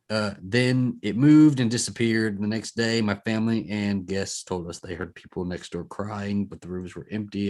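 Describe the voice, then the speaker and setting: A man hosting a podcast in casual chat, reading listener stories aloud and rambling with fillers and self-corrections. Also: fairly low pitch. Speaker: podcast host.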